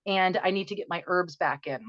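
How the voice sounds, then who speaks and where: A middle-aged woman guest speaking earnestly and emotionally in quick bursts, then slowly guiding a breathing exercise. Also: on the low side, dry recording, highs cut off. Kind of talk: conversational interview, guided breathing.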